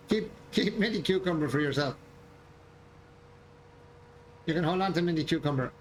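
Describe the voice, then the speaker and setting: A man's voice: fairly high pitch, lively intonation, a little fast, slight background noise. An Irish man chatting casually while streaming a farming game, joking and repeating his lines with a chuckle. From Ireland. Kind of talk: casual gameplay chat. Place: home gaming room.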